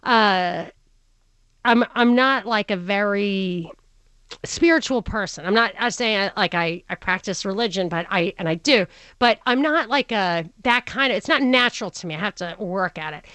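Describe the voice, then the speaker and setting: A woman hosting a talk show who talks in an animated, rambling way, with many restarts. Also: medium pitch, normal speed, smooth, dry recording. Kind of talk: casual chat.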